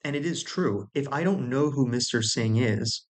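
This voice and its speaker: A man speaking straight to the viewer in a relaxed, explanatory way. His voice sits at an ordinary middle pitch. He often repeats words as he finds his phrasing and keeps checking that the listener follows. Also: moderate pace. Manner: conversational, many restarts and "right?" checks. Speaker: video host. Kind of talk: casual explanatory talk.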